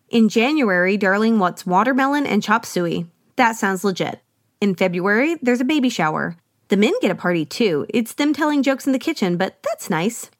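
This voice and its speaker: A woman hosts a podcast and recaps a film in a chatty, wry way, full of playful asides. Her pitch jumps around a lot. The sound is dry and close, with no room echo. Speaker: podcast host. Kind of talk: solo movie recap commentary.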